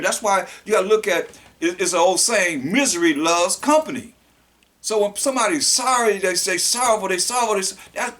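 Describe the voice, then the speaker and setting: A man teaching a sermon. He reads verses slowly and explains them in loose casual talk, often repeating words and phrases. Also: high-pitched, fairly bright tone. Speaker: preacher.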